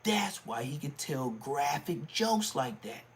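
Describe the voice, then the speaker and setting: Middle-aged man, livestream rant, animated, mocking high jumps. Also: takes it slowly, creaky. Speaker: livestream host. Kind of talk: casual ranting livestream.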